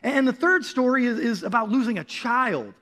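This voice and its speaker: A young adult man preaching a sermon in a church, retelling a story with lively acted-out quotes and sudden shouted calls. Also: very high voice, moderate pace. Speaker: pastor.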